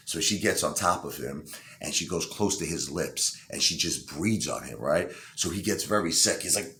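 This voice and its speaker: A man's voice: a bass voice, moderate pace, fairly bright tone. A man telling a dirty joke in a chatty way, filled with "you know.". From Brooklyn, New York. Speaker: comedian. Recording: echoey room.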